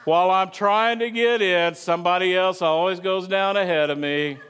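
A man voicing a gloomy, self-pitying invalid with a slow, low, mopey donkey-like voice. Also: fairly even intonation, fairly bright tone, clean tone.

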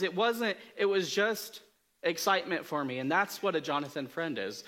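A man's voice: high-pitched, moderate pace, fairly bright tone. A man giving a casual storytelling sermon, joking about himself, with many fillers and restarts. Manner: conversational, self-deprecating humor, frequent fillers and restarts. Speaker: preacher.

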